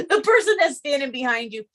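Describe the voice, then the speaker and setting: A woman's voice: high-pitched, big pitch swings, moderate pace, a bit bright. A woman co-hosting a casual chat, talking in an earnest, encouraging way as she gives advice. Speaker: co-host.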